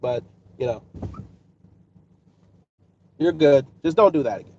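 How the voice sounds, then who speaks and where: A man's voice: mid-range voice, a little slow. Taunting New man, distant lo-fi. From New York City. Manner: taunting, mocking, calmly menacing. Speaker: livestream host answering chat. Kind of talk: casual live-stream roasting. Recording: distant, dull lo-fi mic with clear background noise.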